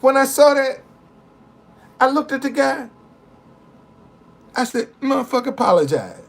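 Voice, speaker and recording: An older man telling a personal story in a casual, profane, animated way, often restarting and repeating words. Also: very high voice, slow pace, vocal fry.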